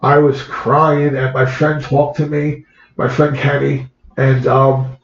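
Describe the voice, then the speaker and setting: A man, an actor, recalls a personal story in conversation, halting and repeating words as the feeling comes through. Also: medium pitch, little pitch movement, vocal fry. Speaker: actor, guest. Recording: roomy, dull lo-fi sound.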